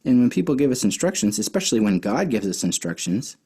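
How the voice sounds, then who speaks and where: Male children's Bible teacher, mellow voice, chatty and rambling with fillers, casual storytelling delivery. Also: mid-range voice, sing-song, quick pace, breathy edge. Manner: chatty, with many fillers and restarts.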